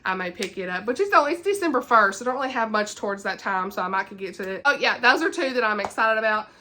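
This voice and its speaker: A woman's voice: medium pitch, animated, quick pace, bright, forceful tone. A young woman, chatting casually to camera about books and giggling often. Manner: chatty and giggly, greets viewers by name. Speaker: book vlogger.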